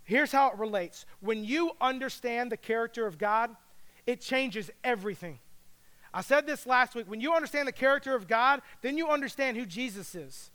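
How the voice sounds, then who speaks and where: A man's voice: extremely high pitch, a bit bright. A middle-aged male pastor preaching a sermon in a conversational, emphatic way, acting out short quotes.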